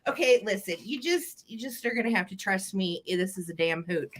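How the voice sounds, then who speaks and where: Giggly bright-voiced woman hosting a live sale. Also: mid-range voice, normal speed. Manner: giggly, animated, reads a children's book aloud. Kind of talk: casual live-stream selling chat.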